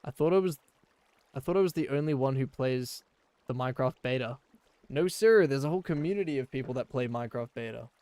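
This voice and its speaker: Man, smooth clear voice, casual rambling stream chat, lots of fillers. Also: mid-range voice, fast talker, darkish tone, dry recording. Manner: rambling, chatty, many fillers. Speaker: game streamer. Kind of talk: casual live-stream chat while playing.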